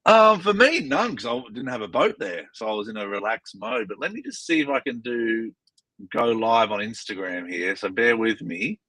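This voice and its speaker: A man hosting a relaxed video call chat from a boat, laughing easily. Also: mid-range voice, normal speed, no room sound, low-quality recording. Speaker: host. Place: on a boat bridge.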